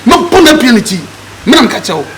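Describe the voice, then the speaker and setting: A man playing a shrill excitable loudmouth. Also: fast talker, a crowd in the background, exaggerated voice, poor audio. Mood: pleading. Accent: Ghanaian. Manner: shouting, excitable, high-pitched. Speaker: actor in a comedy film. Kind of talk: comic film acting.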